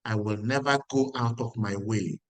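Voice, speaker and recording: A man's voice: on the low side, normal speed, no echo, poor audio. A middle-aged man with a Nigerian accent giving an emphatic motivational talk as a business mentor, repeating lines and asking the audience questions. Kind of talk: motivational talk at a weekly meeting.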